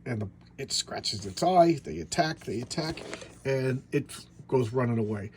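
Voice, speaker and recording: A man's voice: mid-range voice, expressive, measured pace, a little mellow, a little hiss or hum. A man giving casual show-and-tell commentary on a comic book. He rambles, stumbles over his words and restarts, and chuckles to himself along the way.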